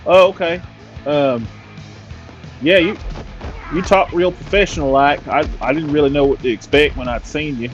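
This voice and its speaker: A man's voice: on the high side, moderate pace, pauses often, muffled recording, faint music behind, close to an everyday voice. A man voicing a folksy, overfamiliar Southern mechanic, in a drawling good-ol'-boy manner. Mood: chatty.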